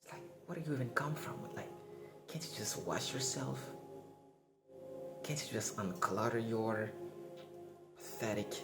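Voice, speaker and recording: A man delivering an impassioned, slangy motivational monologue to artists, often dropping into hushed whispers. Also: lowish voice, a little slow, vocal fry, long pauses. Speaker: artist giving a motivational rant. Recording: roomy echo with loud music behind.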